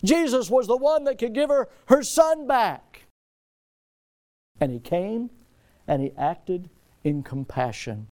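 Mellow-voiced male preacher, rhetorical and dramatic. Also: high-pitched, expressive, slow pace, long pauses. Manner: dramatic preaching, rhetorical questions, repeated phrases. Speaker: pastor. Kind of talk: sermon.

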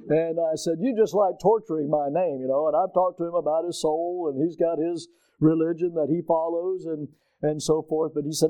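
An older man, a pastor, preaching a sermon to his congregation, putting questions to them and building to loud, emphatic peaks. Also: on the high side, moderate pace, dry recording, muffled recording.

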